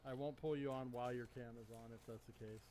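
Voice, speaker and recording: A man in the middle of his range hosts a live stream panel. He speaks carefully and restarts his sentences. A soft hiss of noise sits under his voice. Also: medium pitch, fairly even intonation. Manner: measured, hesitant, restarts often. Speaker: streamer hosting an open panel.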